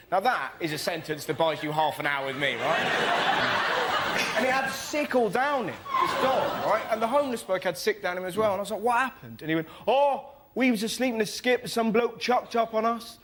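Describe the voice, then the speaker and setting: A man with a West Country accent doing a stand-up routine on a panel show, animated and breaking into shouted character voices. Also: fairly high pitch. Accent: West Country English. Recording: loud audience and noise in a TV studio.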